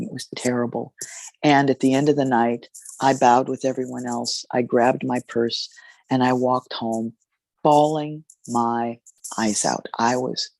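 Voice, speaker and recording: A jazz singer, a woman, telling a story in an interview in an expressive, halting way with fillers. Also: very deep voice, no echo.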